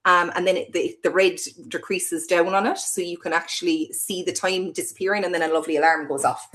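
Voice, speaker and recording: A woman with a Cork Irish accent giving a parent webinar talk, speaking fast, passionate and playful. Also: fairly low pitch, steady tone, fairly bright tone. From Cork, Ireland. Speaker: hospital play presenter.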